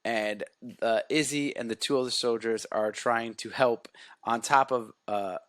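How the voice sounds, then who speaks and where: Male podcast co-host, mid pitch, dry booth sound, relaxed plot recap with quoted lines. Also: a little slow, no echo. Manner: retells scenes, acting out quotes. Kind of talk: casual movie recap chat.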